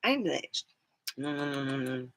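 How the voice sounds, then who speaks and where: A woman's voice: extremely low pitch, animated, very slow, a little hiss or hum. A middle-aged woman vlogging, telling a rambling story in a casual, giggly way. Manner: rambling, giggly, breaks into laughter.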